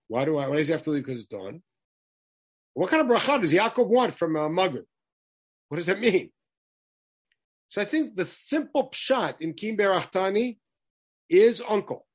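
A man teaching a text study class in a high, husky voice that swoops up and down with lively emphasis. He keeps throwing rhetorical questions at his listeners as he works through the passage. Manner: animated, asks many rhetorical questions.

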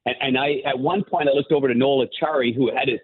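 A man's voice: medium pitch, steady tone, quick pace, husky. A former goalie turned hockey analyst, a man, calling in and telling rambling anecdotes full of restarts. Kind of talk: casual phone-in interview. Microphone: phone. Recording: tinny phone line.

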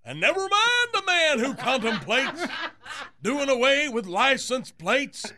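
A man's voice: very high voice, sing-song, noisy background, heavily acted. A man voicing a rambling offbeat beat poet who recites absurd verse in a radio comedy bit. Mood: dreamy. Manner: slow, lilting poetry recitation. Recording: music bed behind the voice.

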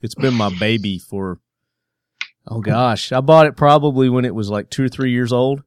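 A man's voice: medium pitch, normal speed, smooth, no room sound, studio quality. A man with a Southern American twang hosting a casual podcast, joking and rambling with plenty of fillers. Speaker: podcast host.

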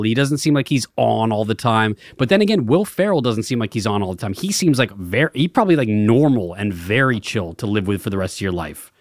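A man's voice: mid-range voice, no room sound, clean studio sound. A man talking as a podcast guest, hesitant and stammering as he thinks aloud. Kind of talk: casual podcast chat.

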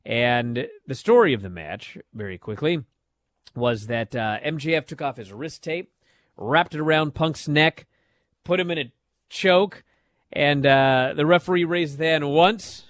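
A middle-aged man talks through a wrestling show in casual chat, his voice sitting a bit high. He tells each match as a story, dropping quiet and then rising loud. The sound is dry and close. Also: a little slow, no echo. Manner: animated storytelling, swings loud and soft.

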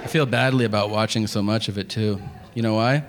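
A man performing a stand-up comedy set, animated and shouting out punchlines, on a club stage. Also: on the low side, fairly quick, heavy background noise. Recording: live club with long reverb and audience.

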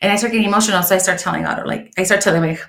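A woman's voice: medium pitch, very fast, creaky, fairly bright tone. A young adult woman co-hosting a podcast, telling a personal story casually and emotionally, with many restarts. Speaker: podcast co-host. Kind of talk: casual chat. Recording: roomy echo.

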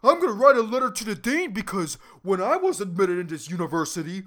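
A woman voicing an angry young female student ranting loudly on the phone and over-pronouncing her words. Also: on the high side, animated, slow pace. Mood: indignant rant. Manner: loud, indignant, over-pronounced, profane.

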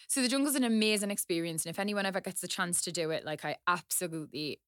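A woman's voice: lowish voice, smooth, no room sound, studio quality. A woman guest in a casual interview, talking openly and frankly and laughing easily. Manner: open, frank, quick to laugh. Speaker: guest, reality TV personality.

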